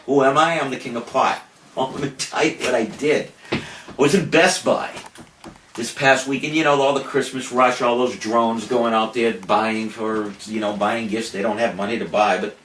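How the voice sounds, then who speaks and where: A man's voice: medium pitch, fairly even intonation, normal speed, a bit bright. Older man telling a boastful story, distant and roomy. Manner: boastful, profane, theatrical retelling. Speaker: cannabis activist giving a farewell video. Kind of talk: animated storytelling to an audience. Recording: roomy, distant mic, faint noise.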